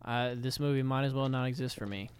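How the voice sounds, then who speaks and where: A man's voice: mid-range voice, steady tone, fast talker, clean tone. A man in his twenties co-hosting a casual podcast about movies, giving dry, blunt opinions. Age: 20s. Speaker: podcast co-host.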